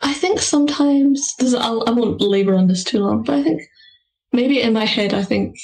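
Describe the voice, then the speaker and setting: A woman's voice: a little high, moderate pace, darkish tone, low-quality recording. A woman studying Mandarin, thinking aloud in English with hedges and restarts, reading example sentences. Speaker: Mandarin student. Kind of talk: casual lesson talk.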